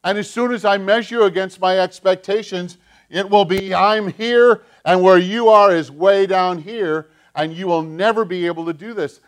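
A man's voice: high-pitched, normal speed, close to an everyday voice. A man voicing God as a patient, fatherly figure, speaking in an earnest, explaining way.

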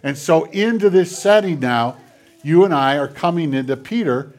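A man preaching a sermon to a congregation, retelling scenes dramatically and dropping into quiet, hushed passages. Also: a little high, lively intonation, moderate pace. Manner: dramatic retellings, drops to near whispers. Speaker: pastor. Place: church filmed on camera.

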